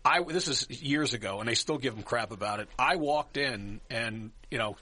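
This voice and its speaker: Bright, husky-voiced male radio host. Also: medium pitch. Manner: chatty, quick to joke. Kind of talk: casual radio talk.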